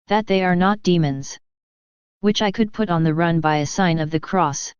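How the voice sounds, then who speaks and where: A woman's voice: fairly low pitch, moderate pace, clean tone, no echo. A woman reading a mystic's diary aloud in the first person, earnest and pleading. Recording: slightly dull, dry close recording.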